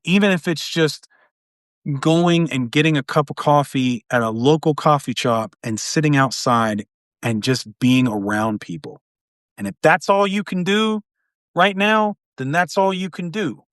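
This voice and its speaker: A man's voice: fairly high pitch, lively intonation, a little slow, dry recording, clean studio sound. A middle-aged man talking earnestly on a live video call, rambling and often adding "you know". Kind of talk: casual conversation on a live stream.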